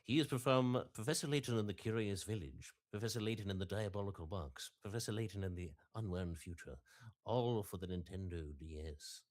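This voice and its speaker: A man doing Professor Layton, refined gentleman. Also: lowish voice, fairly quick, close to an everyday voice. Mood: courteous. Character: refined gentlemanly male professor, polite and composed. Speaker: guest voice impressionist.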